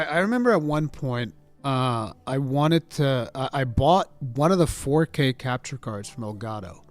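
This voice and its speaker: A man streaming from home, chatting casually with a rambling, profane, mock-indignant manner that swings from mumbles to loud outbursts. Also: medium pitch. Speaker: streamer reacting to a game showcase. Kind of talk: casual livestream chat.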